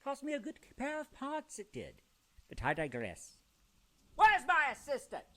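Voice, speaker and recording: Man doing a pompous mad scientist, wildly swooping pitch, slow and drawn out, theatrical. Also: huge pitch swings, fairly bright tone, heavily acted. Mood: grandiose.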